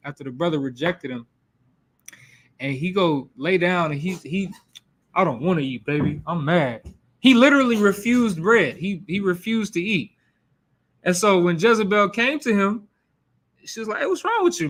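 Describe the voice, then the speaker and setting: A man teaching a Bible class in a casual, slangy way, acting out the quotes as he goes. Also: high voice. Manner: animated, slangy, acts out quotes.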